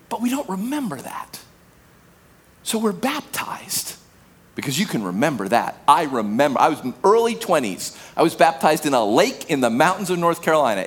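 A male preacher delivers a sermon in a high, slightly husky voice. He swings widely in pitch, acting out voices and then dropping to a hushed, low tone for emphasis. His delivery is animated and direct. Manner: animated preaching, acts out dialogue, drops to hushed low tones. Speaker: pastor.

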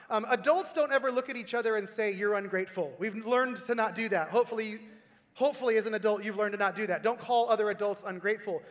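Middle-aged guy preaching, fairly high voice, big echoey church hall, chatty storyteller asides. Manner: storytelling, animated, conversational asides to congregation. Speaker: pastor. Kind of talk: sermon. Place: church sanctuary. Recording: long hall reverb.

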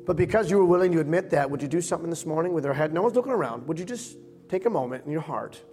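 Soft-spoken pastor praying over music. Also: male voice, on the high side, animated, rapid-fire. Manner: leads prayer softly, voices the congregation's confessions quietly. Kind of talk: sermon and altar-call prayer.

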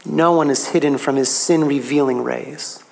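A man preaching a sermon, emphatic, his pitch rising on key phrases. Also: fairly even intonation, moderate pace, vocal fry.

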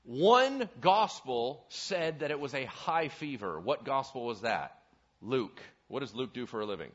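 Speaking at a measured pace in a medium-pitched voice, a male pastor delivers an animated sermon. He poses questions to the congregation along the way, captured on a dull, lo-fi recording.

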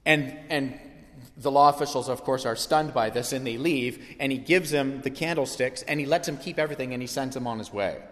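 A man preaching a sermon as pastor, telling stories in an animated, lively way. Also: mid-range voice, a little fast. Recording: long hall reverb.

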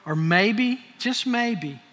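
A man's voice: sits high, animated, extremely slow, fairly bright tone. A man, the pastor, thanking a guest and encouraging the congregation to take a next step. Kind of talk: church announcements. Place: church sanctuary. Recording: long church hall reverb.

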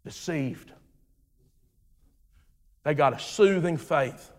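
In a church hall full of long reverb, a high-voiced pastor delivers a slow, deliberate, rhythmic sermon. His lines build to shouts and then fall away into low, hushed phrasing.

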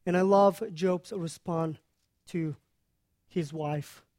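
A preacher teaching on a scripture passage in an earnest, unhurried way, pausing often to explain. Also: medium pitch, steady tone, darkish tone, no room sound, clean studio sound.

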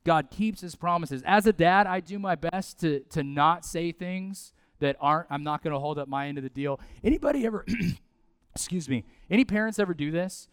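High-voiced animated male preacher. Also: normal speed, smooth, no echo. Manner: conversational, animated preaching with asides and repetition. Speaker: pastor. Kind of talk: sermon.

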